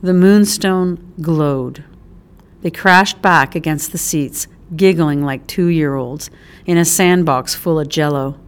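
A woman narrating an audiobook with an expressive, animated delivery. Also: sits low, slow, clear, resonant tone.

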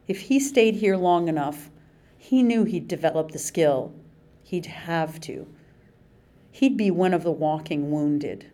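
Woman reading an audiobook, kinda low voice, slow and even. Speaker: audiobook narrator. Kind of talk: scripted narration.

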